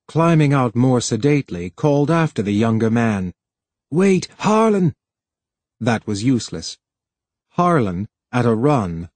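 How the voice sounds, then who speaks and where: A man narrating an audiobook in a steady, measured reading voice. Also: mid-range voice, no echo. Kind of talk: scripted narration.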